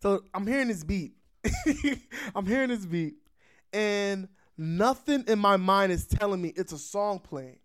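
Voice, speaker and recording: A man hosting a podcast, telling a story in casual chat, animated and swearing, laughing often. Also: sits high, measured pace. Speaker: podcast host.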